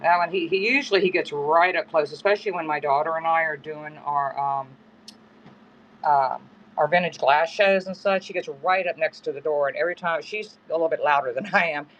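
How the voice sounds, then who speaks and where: Brisk and fairly bright, with a fairly high pitch, a middle-aged man talks through a live-stream auction from his woodland home. His casual selling chat rambles and self-corrects, heard on a dull, lo-fi phone stream with faint background noise.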